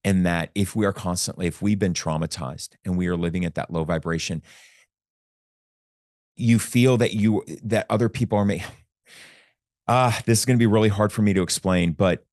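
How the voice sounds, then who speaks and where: A man with a notably low voice speaks as a podcast guest, recounting a personal story with earnest intensity. He often slips into retelling conversations line by line. The sound is dry and close. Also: normal speed, darkish tone, no echo.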